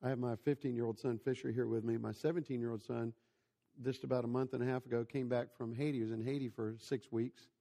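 A man's voice: medium pitch, fairly even intonation, fast, vocal fry, warm tone. A man in his forties giving a conversational sermon, telling stories and asking the listeners questions. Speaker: preacher. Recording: long hall reverb.

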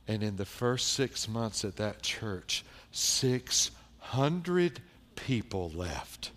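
A middle-aged man from South Carolina, a pastor telling stories in a sermon with wry asides, dropping quiet for emphasis. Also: lowish voice, very animated, very slow. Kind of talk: sermon storytelling.

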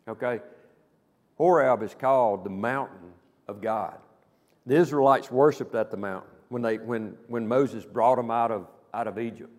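A male pastor preaching a Wednesday night sermon, speaking conversationally with rhetorical questions and frequent checks of "okay?". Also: mid-range voice. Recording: long hall reverb.

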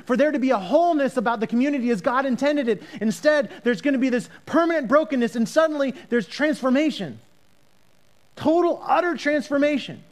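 A man preaching a sermon as a pastor, earnest and animated, often repeating words as he starts a sentence. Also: very high voice.

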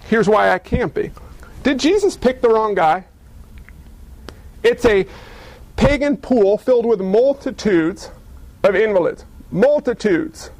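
A man's voice: sits high, vocal fry. A male pastor preaching a sermon, joking and firing off rhetorical questions.

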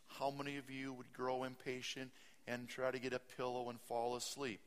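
A man preaching a sermon. He reads scripture aloud, stops to comment, and swings between loud bursts and hushed asides. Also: mid-range voice, monotone, normal speed, clean tone, in a large hall. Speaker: pastor.

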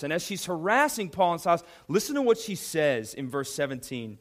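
A male pastor preaching with a fairly high voice. He swings between loud emphasis and quiet asides, speaking straight to a congregation of young people. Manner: animated, emphatic preaching with pauses; addresses a youth audience directly. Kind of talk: sermon.

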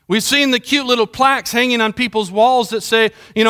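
A man's voice: sits high, sing-song, fast, few pauses, a bit bright. A middle-aged man preaching a sermon as pastor, conversational and full of storytelling. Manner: conversational storytelling, mimics sounds.

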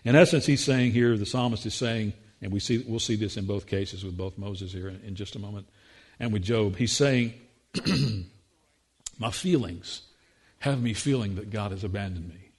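A man's voice: on the low side, normal speed, husky. A man preaching a sermon as pastor, earnest, with frequent restarts and rhetorical questions.

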